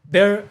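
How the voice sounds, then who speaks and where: Animated man telling a story. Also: sits high. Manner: animated storyteller, swears freely. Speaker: podcast host. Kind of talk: casual podcast chat.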